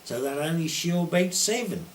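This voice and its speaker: Older Suffolk countryman, a fairly high voice, a rural yarn-spinner who does the voices of the people in his stories. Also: animated, normal speed, slight background noise. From Suffolk, England. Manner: broad rural dialect, acts out quoted dialogue. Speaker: retired poacher. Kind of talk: anecdotal storytelling.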